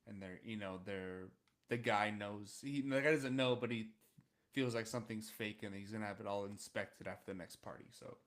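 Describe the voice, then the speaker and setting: A young man co-hosting a podcast, recapping episode plots in a relaxed, casual way with frequent fillers. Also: on the low side, moderate pace. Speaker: podcast co-host. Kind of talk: casual chat.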